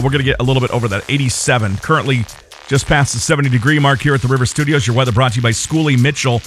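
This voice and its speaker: A man's voice: medium pitch, fairly bright tone. A man hosting a morning radio show in a studio, giving traffic and weather with casual, joking asides. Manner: chatty, joking asides between reports. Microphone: studio broadcast mic.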